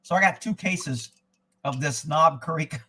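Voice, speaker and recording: A high-pitched man with a twang rants in a loose, folksy way and swears freely. His talk wanders from one gripe to the next like casual chat on a live stream. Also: unhurried, sharp tone, husky, poor audio. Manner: folksy, profane, rambling, with drinking asides. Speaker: livestream host. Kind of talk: casual political rant.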